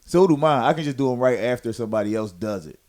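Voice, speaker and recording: A man co-hosting a comedy podcast, bantering loudly and playfully with lots of swearing. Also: medium pitch, expressive, fast. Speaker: podcast co-host. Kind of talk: casual comedy chat.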